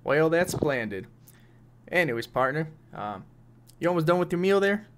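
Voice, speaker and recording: A man's voice: fairly high pitch, very animated, moderate pace, a bit bright, smooth. A man voicing a folksy cowboy villain with a mock-friendly drawl.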